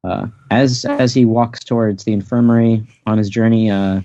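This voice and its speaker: A man with a lowish voice talks through a comic chapter, joking and laughing as he goes, with frequent restarts. The recording is dry and a bit muffled, like a home podcast setup. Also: steady tone, normal speed, dark tone, no echo. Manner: playful, laughing, rambling with restarts. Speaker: podcast host. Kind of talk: casual chat recapping a manga chapter. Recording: dry, dull lo-fi podcast audio.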